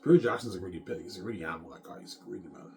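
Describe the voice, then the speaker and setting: A man's voice: low-pitched, racing, warm tone, a little hiss or hum. A man in an off-the-cuff monologue, boastful and repetitive, often adding "man".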